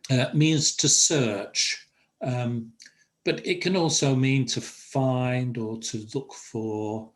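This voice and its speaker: An older man teaching a Spanish class over a video call, pausing often with fillers. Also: medium pitch. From England. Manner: halting, many fillers. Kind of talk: online language lesson.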